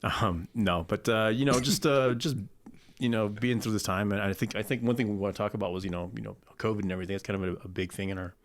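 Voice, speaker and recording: Healthcare guy guesting on a podcast, kinda low voice, stop-start, repeats himself a lot. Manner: halting, repeats words, joking. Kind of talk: casual podcast chat.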